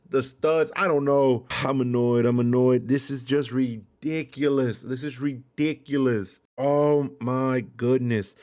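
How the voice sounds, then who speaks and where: A man giving a heated post-match rant as a football fan vlogger, repeating himself as he fumes. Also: medium pitch. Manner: heated, repetitive ranting.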